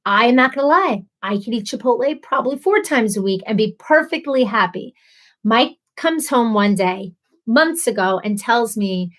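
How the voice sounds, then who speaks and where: Woman host, casual livestream chat, bubbly, laughs a lot, slightly high voice. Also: lively intonation, normal speed. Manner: chatty, bubbly, laughs often.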